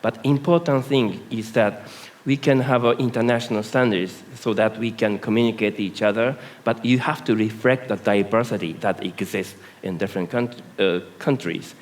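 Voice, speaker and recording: A man speaking on a conference panel, halting and full of hesitations. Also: fairly low pitch. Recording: reverberant conference hall.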